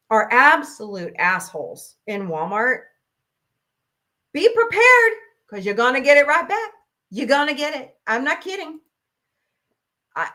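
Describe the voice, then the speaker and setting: Bright-voiced blunt woman ranting. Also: mid-range voice. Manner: blunt, profane, laughs often. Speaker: host. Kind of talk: casual ranting chat.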